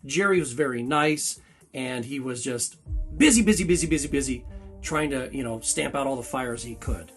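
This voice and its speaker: A man hosting a casual convention vlog, talking in an excitable, rambling and chatty way. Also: medium pitch, normal speed, faint music behind. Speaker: YouTube channel host. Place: busy convention hall.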